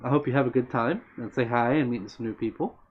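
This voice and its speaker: A man's voice: mid-range voice, fast talker, slight background noise. Guy streaming, reads chat and greets ppl by name, kinda rambly, mid voice, muffled mic. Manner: friendly, meandering, answers chat by name. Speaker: livestream host. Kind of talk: casual chat reading viewer comments.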